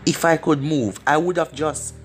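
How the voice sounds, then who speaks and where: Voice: medium pitch, fairly even intonation, moderate pace, soft background music, close to an everyday voice. A storyteller voicing a proud, stubborn young female ninja while reading fan fiction aloud, in a plain reading voice. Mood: defiant.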